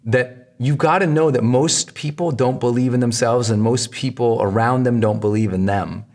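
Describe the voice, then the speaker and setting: A man's voice: medium pitch, moderate pace, a little mellow. A man with a mid-range voice delivers a motivational lesson as a podcast host. He talks with bursts of energy and drives his points home by repeating them. His delivery is emphatic and coaching. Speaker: podcast host teaching marketing. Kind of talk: motivational teaching talk.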